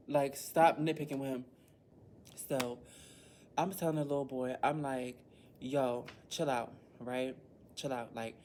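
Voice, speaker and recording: A woman's voice: low voice, darkish tone, slight background noise. Heated woman venting, swearing freely. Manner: heated, blunt, swears a lot. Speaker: teacher. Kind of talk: venting story to the camera.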